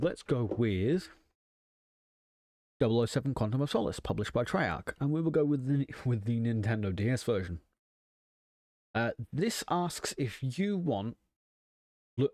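A man hosting a casual software tutorial, walking through an install with wry, self-deprecating asides. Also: mid-range voice, no room sound, clean studio sound. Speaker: tech channel host.

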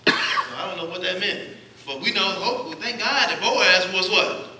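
A man gives a sermon in a church sanctuary at a normal speed, his voice high. He keeps asking the congregation questions and answering them himself. The sound is very noisy and echoey, recorded from a distant mic in the church hall.

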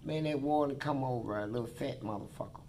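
A man's voice: medium pitch, fast talker, dark tone, a little hiss or hum. A man being interviewed who tells blunt, profane stories about prison life in a vivid, swearing manner. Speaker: interview guest.

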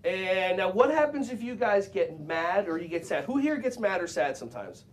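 Man playing an upbeat kids' yoga and karate teacher, playful, jokey, fairly high voice. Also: moderate pace. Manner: playful, animated, jokey with children. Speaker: children's karate and yoga instructor. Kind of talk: leading a kids' exercise class.

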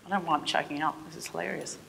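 A middle-aged woman with an Australian accent giving a conference keynote in an impassioned, halting way, often restarting her sentences. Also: low voice, fairly even intonation, vocal fry, a bit bright. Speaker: keynote speaker. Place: theatre forum stage.

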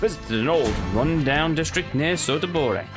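A man talking through his gameplay in a relaxed, muttering way, tossing out dry little jokes. His voice sits a little high for a man. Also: moderate pace, music in the background. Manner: dry, joking, muttering to himself. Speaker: let's play host. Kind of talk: casual gameplay commentary.

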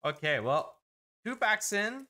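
A man hosting a casual card-opening video, reading player names in quick lists with frequent excited exclamations. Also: high-pitched. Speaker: host opening hockey card packs.

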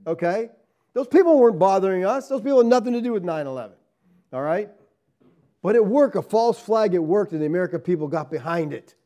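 During an animated sermon, the pastor challenges his congregation with rhetorical questions, swinging from loud, pointed lines to muted asides.

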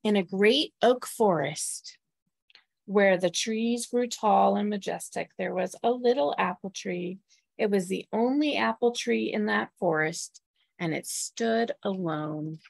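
A woman's voice: medium pitch, slow pace, creaky, no room sound. Woman reading a picture book aloud. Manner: warm, asks listeners questions. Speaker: temple staff or clergy storyteller.

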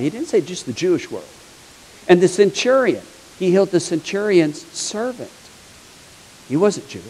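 A man's voice: sits high, very animated, normal speed, mellow, slightly rough, rough recording. A man preaching a sermon as a pastor, telling stories in a chatty, humorous way. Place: church sanctuary.

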